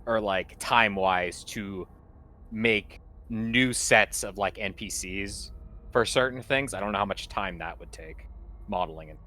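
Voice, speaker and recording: A man's voice: on the low side, a little slow, pushed and bright. A man co-hosting a stream, chatting casually and hesitantly, thinking aloud.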